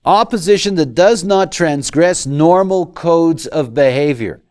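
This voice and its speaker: A man giving a lecture, talking in an animated way and acting out quoted voices. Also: fairly high pitch, measured pace. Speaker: lecturer on human design.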